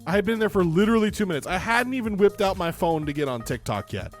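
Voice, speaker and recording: A man's voice: high voice, fast, soft background music. A man streaming, telling a story in casual chat, exasperated and swearing freely. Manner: animated, exasperated, profane.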